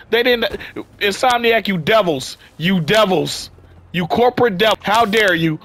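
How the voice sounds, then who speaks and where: High-voiced man ranting over a game. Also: animated, unhurried, a bit bright, no room sound. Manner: ranting, exasperated, heavy use of "freaking". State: sick, voice affected. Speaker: gaming YouTuber. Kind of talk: casual gameplay commentary.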